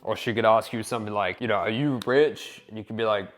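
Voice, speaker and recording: A man's voice: on the low side, very fast. Slangy, laid-back young male dating coach. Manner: relaxed, slangy, sprinkled with "like" and "you know". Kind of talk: casual instructional monologue.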